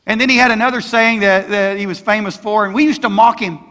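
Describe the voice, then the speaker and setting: A man's voice: high-pitched, fairly even intonation, fast, sharp tone. A man in his sixties preaching a sermon as pastor, emphatic and quizzing the congregation with questions. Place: church sanctuary. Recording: long hall reverb in a church.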